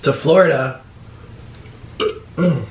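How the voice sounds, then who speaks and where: A man's voice: a little high, slow pace. A man hosting a mukbang, telling a rambling story casually while eating. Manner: chatty, rambling, animated. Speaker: mukbang host. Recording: roomy echo, faint background hiss.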